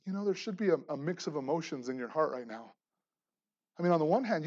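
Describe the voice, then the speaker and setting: Pastor, male, high-pitched, animated sermon delivery with loud emphasis and quiet asides, lo-fi sound. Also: quick pace. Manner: jokes and laughs with the congregation.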